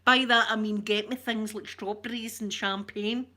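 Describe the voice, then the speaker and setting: A woman's voice: medium pitch, steady tone, normal speed, bright, forceful tone. A Scottish woman hosting an ASMR channel, chatting in a rambling, jokey way and greeting viewers by name. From Scotland. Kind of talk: chatty live-stream talk.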